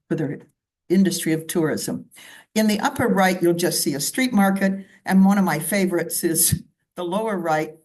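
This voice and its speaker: A woman from Canada speaking at a club meeting, walking listeners through her slides in a conversational way with asides. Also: on the low side. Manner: conversational, with asides and side remarks. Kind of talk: slide presentation talk.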